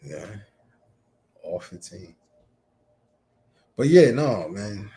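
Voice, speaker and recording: A man co-hosting a casual podcast, telling a story in a laid-back, often quiet way. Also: lowish voice, sing-song, drawn-out words, slightly rough. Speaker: podcast co-host.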